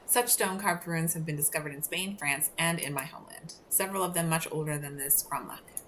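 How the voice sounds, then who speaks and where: Woman reading formal scholar, lecturing, stiff, low voice, faint hum behind. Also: brisk, fairly bright tone, low-quality recording.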